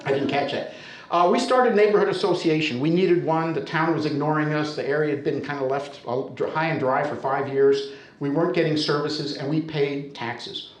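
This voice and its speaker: An American man telling a humorous story live to an audience, in a conversational, animated way, often checking in with his listeners. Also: a little high, fairly quick. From United States. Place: storytelling center, indoor stage. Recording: roomy echo of a hall.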